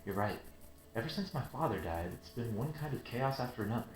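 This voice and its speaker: A man voicing a modest, plain-spoken young male commander in an even tone, over game music in a roomy space. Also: medium pitch, a little fast, natural voice. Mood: calm.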